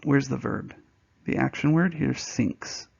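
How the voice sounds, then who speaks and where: Gravelly-voiced man teaching a poetry lesson. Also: medium pitch, takes it slowly, muffled recording. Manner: animated storyteller, acts out voices and sounds. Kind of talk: poetry lesson with a personal story.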